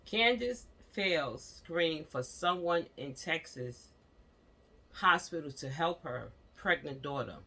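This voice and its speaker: A woman's voice: low voice, lively intonation, takes it slowly, vocal fry, pushed and bright. A woman vlogger at home, giving impassioned casual commentary on a news story and speaking straight to her viewers with repeated fillers.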